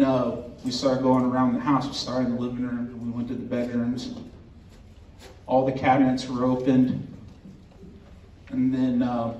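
A man telling a true ghost story to an audience in an earnest, unhurried way, with religious language. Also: mid-range voice, a little mellow, a little hiss or hum. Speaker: host telling a personal story. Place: indoor event room. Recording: roomy, distant, dull recording with faint ambience.

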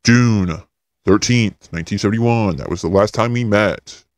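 A man voicing a vengeful ghostly spirit who delivers slow, menacing threats. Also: on the low side, no echo, clean studio sound, lightly acted.

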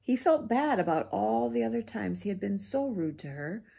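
A woman reading a children's picture book aloud, expressive and pointing out the pictures. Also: medium pitch, moderate pace, creaky, a little hiss or hum. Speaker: storybook reader.

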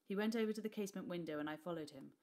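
British female reader, lowish voice, expressive storybook delivery with hushed moments. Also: very fast. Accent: British English. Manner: expressive, voices characters, drops to whispers. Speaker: teacher reading a class novel aloud. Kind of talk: storybook read-aloud.

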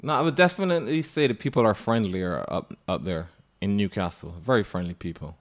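A young man with a Barbadian accent talks as a guest on a casual podcast. His voice is low, and he is soft-spoken and laid-back. He often hesitates before answering. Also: animated, brisk. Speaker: comedian guest. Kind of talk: casual interview chat.

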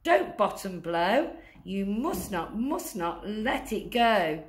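A woman's voice: medium pitch, big pitch swings, slow. A woman voicing a strict, bossy Christmas elf in a storybook, scolding and shushing with emphasis.

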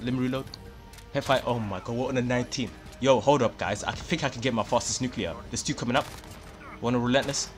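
A man and gaming YouTuber giving excited gameplay commentary, hyped and exclaiming often, voice a bit worn. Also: medium pitch, fast talker, soft background music. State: losing his voice a little.

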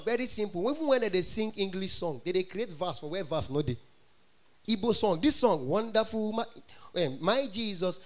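A Nigerian-accented male comedian tells stories on stage in an animated way, often breaking into mock singing. His voice sits high for a man. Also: brisk. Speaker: stand-up comedian. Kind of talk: stand-up comedy in Pidgin.

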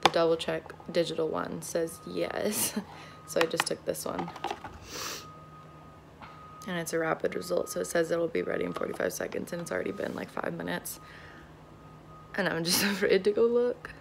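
A woman's voice: on the low side, animated, normal speed, creaky, long pauses, heavy background noise. A young woman filming a personal vlog at home, talking shakily with sighs and nervous laughs. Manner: shaky and emotional, trailing off with sighs and nervous laughs. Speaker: vlogger.

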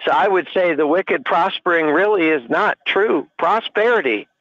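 A man's voice: a little high, lively intonation, normal speed, a bit bright, no room sound. A man speaking earnestly as a church panelist, preaching with many fillers over a lo-fi stream. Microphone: online call or stream mic.

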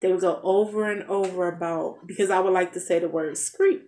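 A woman's voice: lowish voice, fairly even intonation, a little fast, a little mellow. A woman in her thirties telling a rambling story in casual chat, with asides to her kids, in a noisy home. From United States. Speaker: family vlogger, mother. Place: home basement.

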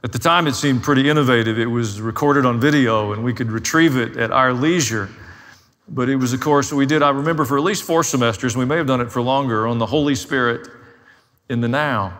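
Man, pastor, sermon, bright forceful voice, candid self-mocking storytelling, long reverb of a big hall. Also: medium pitch, a little fast.

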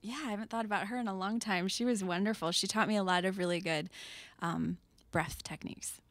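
A woman's voice: medium pitch, steady tone, a little fast, fairly bright tone, no echo. A young adult woman, a singer-songwriter guest, chatting casually in a studio interview and laughing often. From Metro Detroit. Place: radio studio.

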